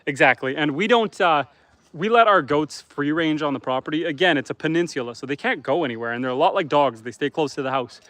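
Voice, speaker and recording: A man's voice: a little high, lively intonation, fast talker, fairly bright tone, no echo. A man from Canada, a homesteader, chatting casually on a livestream outdoors by a campfire, reading viewer comments aloud and answering them.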